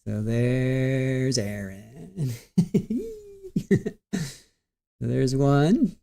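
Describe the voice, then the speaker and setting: A man's voice: medium pitch, moderate pace, vocal fry, a little mellow. A man in his forties hosting a casual livestream, rambling, stumbling over words and reading viewer comments aloud. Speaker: livestream host.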